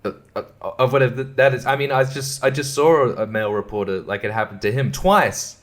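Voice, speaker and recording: A man's voice: mid-range voice, fairly quick. Rambling, sarcastic, profane man. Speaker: podcast host. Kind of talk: casual podcast monologue.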